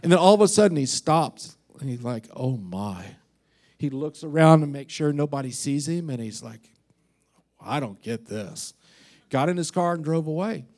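A male pastor preaching a sermon, telling a story and acting out its voices, swinging between loud and quiet. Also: on the high side, a little fast.

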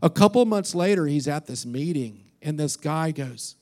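A male pastor preaching a sermon, telling a story and acting out its voices, swinging between loud and quiet. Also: fairly high pitch, animated, moderate pace, few pauses.

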